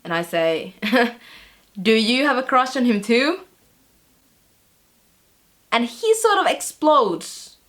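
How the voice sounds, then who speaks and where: A woman's voice: fairly high pitch, very animated, slow pace, pauses often, fairly bright tone, exaggerated voice. A young woman playing a chatty teenage girl tutor who recounts her week with wry amusement, with fillers along the way. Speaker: vlogger. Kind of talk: scripted vlog-style monologue.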